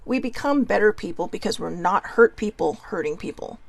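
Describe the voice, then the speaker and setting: A woman's voice: mid-range voice, lively intonation, fairly quick, vocal fry, no echo. Goofy, chatty woman hosting a talk. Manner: goofy, chatty, laughs often. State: a little nervous. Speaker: podcast host. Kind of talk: casual self-help talk.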